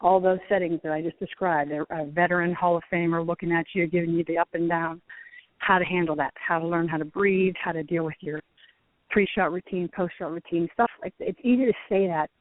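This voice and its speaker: Talking briskly in a lowish voice, a middle-aged woman, formerly a tour golfer and now a teacher, recounts stories by phone from outdoors at a driving range. Energetic and often laughing, she comes through a tinny, dry line with no echo.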